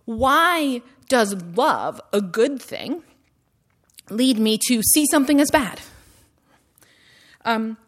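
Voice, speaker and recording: This woman's university lecture unfolds slowly, with long pauses, in a fairly high voice full of lively intonation. Her style is conversational, loaded with "like" and "right?", and she leans into questions with rising emphasis.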